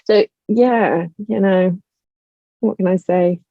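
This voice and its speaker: A woman's voice: medium pitch, steady tone, slow, no echo, lo-fi sound. A woman from Liverpool with a toned-down Liverpool accent, chatting animatedly as an interview guest and breaking into laughter and asides. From Liverpool, England. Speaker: guest, writer and actor. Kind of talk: casual interview chat.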